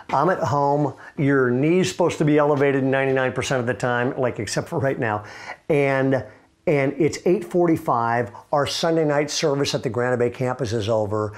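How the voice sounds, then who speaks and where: Earnest middle-aged male pastor at home. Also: mid-range voice. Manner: earnest, conversational, with frequent restarts. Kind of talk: casual devotional talk to camera. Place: at home, seated with knee propped up.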